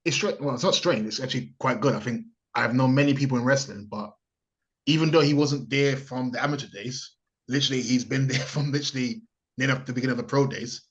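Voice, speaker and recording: A man with a British accent, a wrestler guest, speaking in a halting way with laughs between phrases. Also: medium pitch, highs cut off. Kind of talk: casual interview chat.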